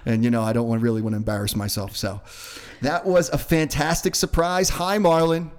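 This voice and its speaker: A man's voice: mid-range voice, a little fast, clear, resonant tone. A man co-hosting a podcast in casual chat, joking around and reading out listener comments. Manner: jokey, animated, reads listener comments. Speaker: podcast co-host.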